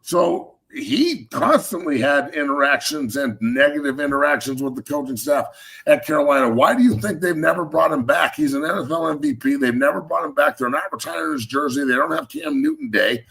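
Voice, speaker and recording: A man in his thirties hosting a sports talk show, ranting in a heated, profane way with loud, emphatic swings. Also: a little high, big pitch swings, brisk, vocal fry. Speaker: show host, former NFL lineman.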